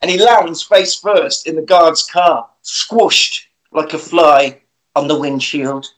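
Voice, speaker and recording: A man's voice: a little high, fairly even intonation, takes it slowly, fairly bright tone, rough recording. A man casually recapping a film plot, swearing and acting out the characters' lines.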